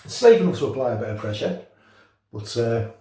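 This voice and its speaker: A man's voice: mid-range voice, animated, fairly quick, dark tone. Chatty Liverpool man in an echoey room. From North West England. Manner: chatty, jokey storytelling with chuckles. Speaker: shaving channel host. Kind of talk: casual chat while shaving.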